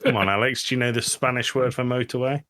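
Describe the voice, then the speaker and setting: A man co-hosting a podcast, bantering with friends in an animated, teasing way and swearing freely. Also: mid-range voice, fast talker, dry recording, clean studio sound. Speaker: podcast co-host. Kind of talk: casual banter.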